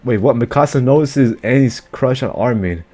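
A man's voice: medium pitch, normal speed, dark tone, husky, faint music behind. A man casually reacting to an anime chapter, slangy and profane, who keeps blurting out exclamations.

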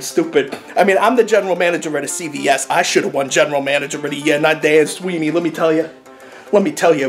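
A man's voice: on the high side, close to an everyday voice. A man playing an angry bandwagon sports fan from Boston, ranting in a profane, repetitive comedy monologue with a Boston accent, over faint guitar music. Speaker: comedic character.

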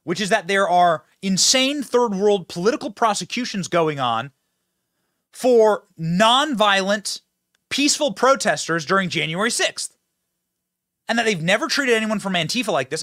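High, animated male political host. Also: dry recording, studio quality. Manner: emphatic, fast-talking, addresses audience directly. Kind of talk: political commentary show.

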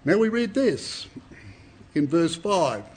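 A man's voice: a little high, big pitch swings, slow, a little mellow, husky. A man preaching a Bible study to a congregation, reading scripture dramatically and asking rhetorical questions.

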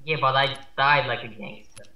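A man's voice: mid-range voice, fairly even intonation, normal speed, muffled recording. A young man joking dryly with a friend while they play a game. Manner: dry, joking banter. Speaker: gamer. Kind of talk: casual gameplay commentary. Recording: echoey room.

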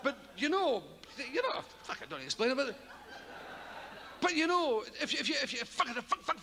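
High-voiced Scottish man doing rambling stand-up. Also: normal speed, slight background noise. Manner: rambling, profane, animated storytelling. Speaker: stand-up comedian. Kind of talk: live stand-up comedy. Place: large theater stage. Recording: reverberant live hall with loud audience.

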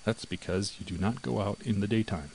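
Sneaky greedy lady cat, man putting on the voice, cool and smooth, a bit lower. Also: a little fast, a little mellow, slight background noise, low-quality recording. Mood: sly. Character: greedy, sly female house cat. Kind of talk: storybook reading.

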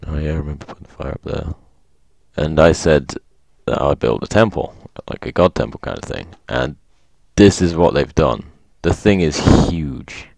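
Brief: male game commentator with a very low voice, upbeat, reads signs aloud, dry close sound. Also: lively intonation, normal speed, creaky, darkish tone, no room sound. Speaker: gaming video host. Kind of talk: casual gameplay commentary.

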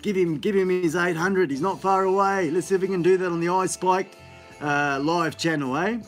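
A man chats his way through a live stream in a loose, rambling manner, full of ums and restarts. His voice sits fairly high for a man, and faint music plays underneath. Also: normal speed. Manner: rambling, chatty, upbeat, many fillers. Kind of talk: casual live-stream chat. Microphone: phone on a gimbal.

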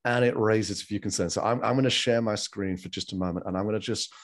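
Male host, from England, low-ish voice, friendly chatter on a video call. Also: fairly even intonation, quick pace. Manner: friendly, laughs often, chatty. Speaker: host of online forum. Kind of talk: casual video call chat.

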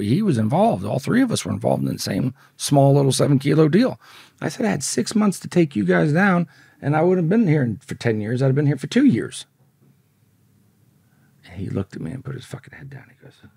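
With a lowish, gravelly voice that has a breathy edge, a man recounts his story in an interview. He curses a lot and performs the quoted dialogue with animation, keeping it casual. The sound is studio quality with no room sound.

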